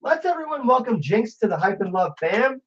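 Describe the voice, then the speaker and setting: A man's voice: very high voice, big pitch swings, fairly quick, a bit bright, breathy edge, highs cut off. A man hosting a casual livestream, chatting with viewers and reading out their messages, laughing often. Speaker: livestream host.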